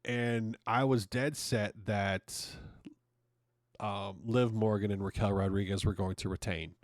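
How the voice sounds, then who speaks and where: Man, podcast host, casual rant, frequent swearing, low voice, dry recording. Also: fairly even intonation, takes it slowly, no echo. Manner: ranting, swears often, exasperated. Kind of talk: casual opinion monologue.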